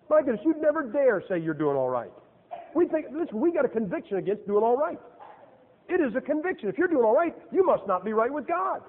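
A man's voice: high-pitched, sing-song, fast. A middle-aged man preaching a sermon in a folksy, joking way, full of rhetorical questions. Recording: tinny, echoey church recording.

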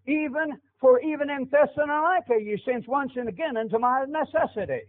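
A man's voice: extremely high pitch, animated, unhurried. A middle-aged man preaching a sermon, with an emphatic, repetitive cadence. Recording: tinny phone-like lo-fi audio.

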